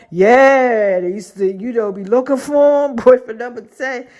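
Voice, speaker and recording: A woman hosts her own podcast, spinning a casual story full of slangy asides and frequent laughter. Her voice sits a little high for a woman and stays lively and loose. It sounds like relaxed, animated talk straight to her listeners. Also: unhurried. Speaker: podcast host.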